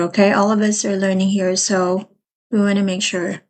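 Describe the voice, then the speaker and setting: A woman teaching a live language lesson, explaining patiently and repeating each phrase slowly. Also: mid-range voice, little pitch movement.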